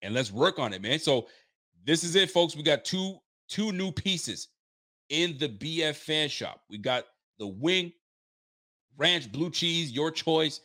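A man's voice: on the high side, expressive, a little slow, pushed and bright. Hyped man streaming about football. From Nova Scotia, Canada. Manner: hyped, loose, repeats himself. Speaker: sports fan streamer. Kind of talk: casual livestream chat.

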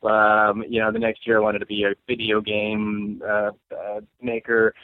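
A man's voice: on the low side, monotone, measured pace, dry recording. Rambling comedian man on a tinny line. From St. Louis, USA. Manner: rambling, self-mocking, laughs often. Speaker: comedian guest. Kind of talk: casual chat. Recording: dry, phone-like line.

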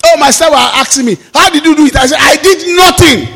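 A Nigerian man preaching a sermon as pastor, with fervent declarations that rise into shouts. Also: very high-pitched, brisk, creaky, big-room sound.

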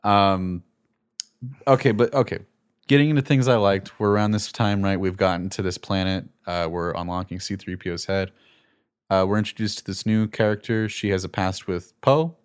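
A young man with a fairly low voice, chatting as co-host in a casual movie review. He is animated and sarcastic, laughing often as he picks the plot apart. The talk is loose and conversational. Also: moderate pace, clean tone. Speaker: podcast co-host.

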